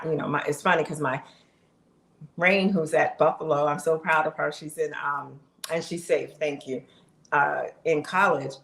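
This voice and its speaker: Her voice is low yet fairly bright: a woman in her fifties vlogging to her audience in a chatty, emphatic, heartfelt and casual manner. Room echo is audible throughout.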